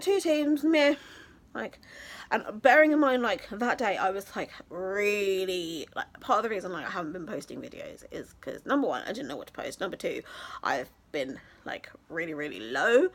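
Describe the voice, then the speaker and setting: A woman's voice: fairly low pitch, fairly bright tone. A young woman from England, telling a story in a casual vlog, chatty and gushing with many fillers. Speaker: vlogger.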